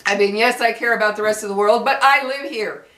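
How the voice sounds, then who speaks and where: A woman's voice: mid-range voice, a little fast, sharp tone, echoey room. An older woman with children and grandchildren, ranting angrily to her viewers, cursing and repeating herself for emphasis. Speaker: vlogger. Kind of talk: angry rant to camera.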